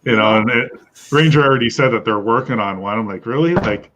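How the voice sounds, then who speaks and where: A man guesting on a casual live-stream chat, easygoing and soft-spoken. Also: mid-range voice, brisk, background noise. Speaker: guest co-host.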